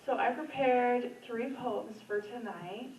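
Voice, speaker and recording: A woman's voice: fairly high pitch, takes it slowly, very noisy. A woman reading her own poems at an open mic in a library community room, in an earnest, emotional voice. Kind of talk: poetry reading. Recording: roomy, distant, dull room sound.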